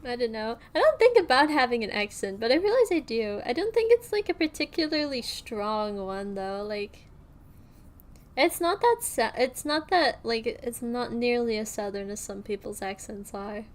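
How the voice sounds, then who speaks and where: A woman's voice: fairly high pitch, big pitch swings, moderate pace. A young woman streaming, chatting casually and rambling with lots of fillers and restarts.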